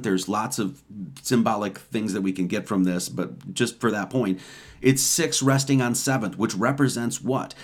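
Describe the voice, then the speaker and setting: A man teaching scripture in an informal sermon, often asking rhetorical questions and repeating words for emphasis. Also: mid-range voice. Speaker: teacher of a Bible study.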